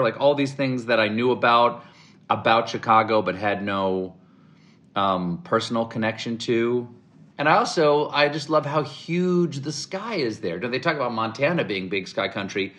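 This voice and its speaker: A middle-aged man from the American South, a guest in an interview, telling animated stories and acting out the voices he quotes. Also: medium pitch, moderate pace. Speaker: interview guest, comedic actor. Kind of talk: casual interview storytelling.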